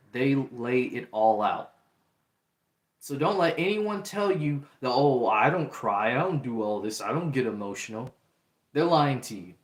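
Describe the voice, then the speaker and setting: A young man hosting a livestream, talking in an earnest, repetitive way and reading out chat comments. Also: medium pitch. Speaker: livestream host. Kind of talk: casual livestream talk. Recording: roomy echo.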